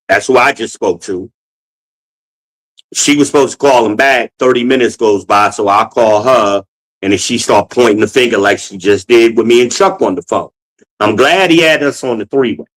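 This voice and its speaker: A man hosting a podcast, ranting in a casual, profane, animated way while walking around his home with a handheld phone. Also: medium pitch, poor audio. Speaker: podcast host. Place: at home, moving between rooms.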